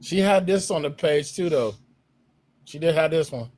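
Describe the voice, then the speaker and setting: A man's voice: a little high, lively intonation, moderate pace, darkish tone. A man joking and teasing the others in a casual live chat.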